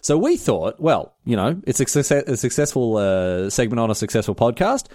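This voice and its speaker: A man's voice: medium pitch, sing-song, darkish tone, dry recording, studio quality. A young Australian man with a city accent, co-hosting a podcast in casual, self-mocking chat. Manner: chatty, self-mocking, quick with asides. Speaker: podcast co-host.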